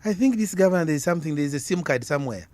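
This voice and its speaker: A Zambian-accented opposition politician argues combatively as a guest in a radio debate, hammering his points by repeating questions for emphasis. His voice is on the high side, expressive, a little mellow, and racing, recorded dry.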